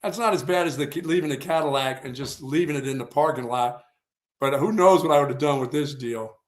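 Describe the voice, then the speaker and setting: A man's voice: mid-range voice, fairly quick. A man from Pennsylvania, hosting a sports talk show, telling a story in casual chat and laughing often. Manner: animated storyteller, laughs a lot.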